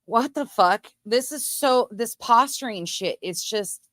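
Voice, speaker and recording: A woman's voice: on the high side, animated, measured pace, fairly bright tone, no room sound. A woman commentator reacting to clips in a blunt, sarcastic, profane way. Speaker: commentary streamer. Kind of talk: casual commentary.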